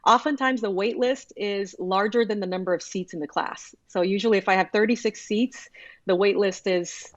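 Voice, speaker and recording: A woman's voice: mid-range voice, moderate pace, dry recording. Brazilian woman professor on a dull mic. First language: Portuguese. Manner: earnest, lots of restarts and little laughs. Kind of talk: podcast interview.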